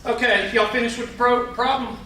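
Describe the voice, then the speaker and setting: A man's voice: very high voice, fairly even intonation, brisk, sharp tone, slight background noise. A man with a Southern US accent teaching a math class, working through problems with folksy joking asides. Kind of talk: classroom lecture. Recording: echoey classroom from far off.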